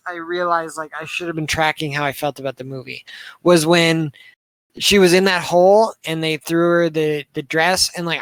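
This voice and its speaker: A man with a high-sitting, fairly bright voice co-hosts a podcast, reviewing a movie in a casual chat. The recording is dry, and he rambles, leaning heavily on filler words and swearing a lot.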